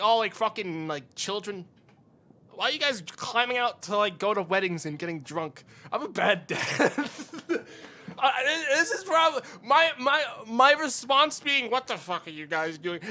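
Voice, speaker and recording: Male streamer, rambling and profane during gameplay, with a high, bright voice. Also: expressive, moderate pace. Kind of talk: gameplay commentary.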